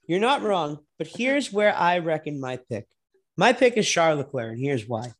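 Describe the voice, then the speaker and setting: A young man co-hosting a casual racing podcast, animated and profane, sometimes breaking into loud drawn-out shouts. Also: on the high side. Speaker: podcast co-host. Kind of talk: casual sports chat.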